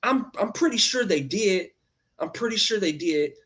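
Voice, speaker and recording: Earnest man, lively preachy talk. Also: high-pitched, moderate pace. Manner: earnest, repetitive, addresses viewers as y'all. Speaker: motivational live streamer. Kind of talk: casual motivational talk.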